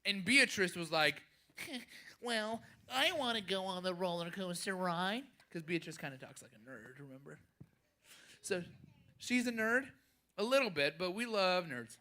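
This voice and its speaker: A man telling a story to children at a church program in a playful, animated way. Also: sits high.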